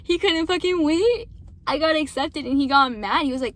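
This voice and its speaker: A young woman with a high voice talks straight to her viewers about an ex. She rambles, swears a lot and keeps saying sorry, slipping between quiet asides and louder outbursts. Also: moderate pace, no echo. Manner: rambling, frequent swearing and apologies. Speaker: vlogger. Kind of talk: casual venting to viewers.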